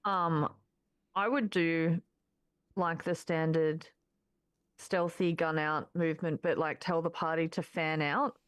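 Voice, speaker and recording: A woman's voice: low voice, fairly even intonation, slow pace, no echo. A woman playing a tabletop game over a voice call, blunt and casually swearing. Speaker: player. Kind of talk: casual play over voice chat.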